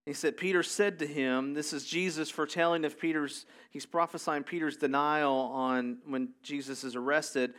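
Male pastor, fairly high pitch, relaxed conversational sermon delivery. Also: normal speed. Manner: conversational, asides while reading scripture.

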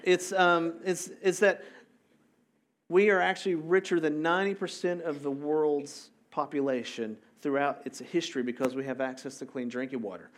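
Casual, animated man preaching. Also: on the high side, moderate pace. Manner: casual and animated, with asides to the congregation. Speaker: pastor. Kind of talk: conversational sermon.

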